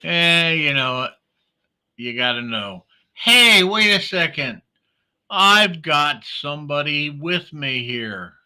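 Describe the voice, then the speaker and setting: A man hosts a casual morning livestream and rambles through his chat, greeting commenters by name. He talks slowly, with lots of pauses and fillers. His voice sits a little high and has a bright, forceful edge. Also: expressive, smooth. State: sleepy, yawning. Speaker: livestream host.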